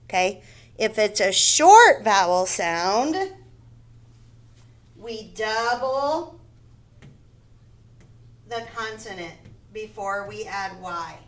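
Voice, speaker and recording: Slow, patient first grade teacher woman. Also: mid-range voice, animated. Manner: slow, deliberate, spells words out letter by letter; repeats words and checks with "okay?" and "right?". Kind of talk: recorded phonics lesson.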